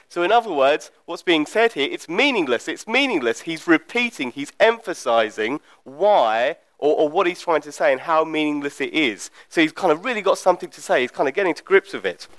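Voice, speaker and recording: A man's voice: fairly high pitch, fairly bright tone, no room sound, poor audio. Dry-voiced man preaching a teaching sermon. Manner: conversational, explanatory, keeps checking with "okay?".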